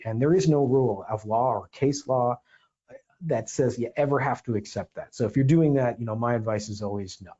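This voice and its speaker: A man's voice: medium pitch, brisk, slightly rough, dull audio. Emphatic male legal podcast host. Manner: emphatic, sarcastic asides, lively impressions. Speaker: podcast host and defense attorney.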